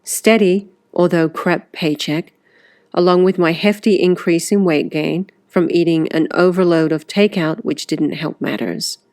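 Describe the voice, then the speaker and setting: A woman's voice: fairly low pitch, steady tone, a little slow, a little mellow, no room sound, clean studio sound. A woman reading a first-person story aloud as audiobook narrator, in a conversational style with wry asides.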